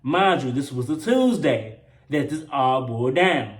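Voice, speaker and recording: A man's voice: mid-range voice, animated, unhurried. A young man telling a personal story in a casual, slangy, profane way, repeating lines for emphasis. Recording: roomy echo with faint hum.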